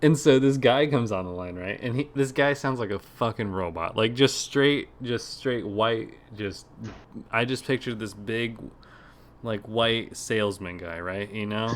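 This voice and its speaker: Dude on a gaming podcast telling a story, laughs a lot, does little voices for people, swears a bunch. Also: male voice, on the low side, measured pace. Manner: animated, laughing, mimics callers, swears freely. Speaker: podcast co-host. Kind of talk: casual storytelling chat.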